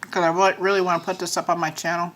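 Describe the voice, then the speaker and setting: A woman's voice: on the low side, little pitch movement, fast, fairly bright tone, slight background noise. A woman talking casually into her phone while eating for her channel, rambling through a story with lots of fillers. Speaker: mukbang vlogger. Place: at home with pets nearby.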